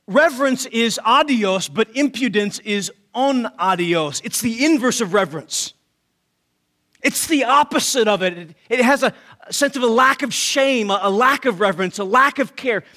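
Man, pastor, sermon, high-pitched voice, emphatic, rhetorical questions. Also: bright, forceful tone. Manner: repeats words when he starts a thought.

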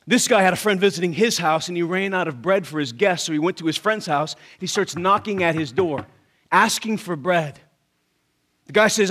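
A man's voice: high voice, expressive, normal speed, a bit bright. A man preaching a sermon with emphatic rhetorical questions, often repeating words as he starts a thought. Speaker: pastor.

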